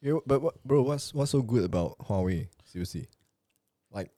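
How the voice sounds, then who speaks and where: A man with a Singaporean English accent, co-hosting a podcast, asking quick questions and calling his friends bro. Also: mid-range voice, expressive, warm tone, no echo. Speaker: podcast co-host. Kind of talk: casual podcast banter.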